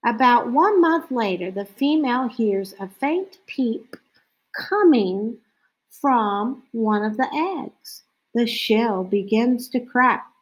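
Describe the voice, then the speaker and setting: A woman reads a nature picture book aloud as a lesson. Her voice sits a little high and she takes her time, reading slowly and clearly. She sometimes breaks into playful owl-call imitations. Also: rough recording. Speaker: teacher reading to children.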